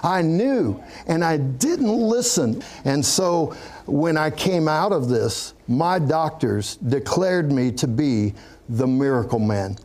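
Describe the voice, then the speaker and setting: A man's voice: a little high, animated, slow, darkish tone. A man, a pastor, giving an earnest personal testimony in an interview, chuckling now and then as he tells it. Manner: earnest storytelling, chuckling as he speaks.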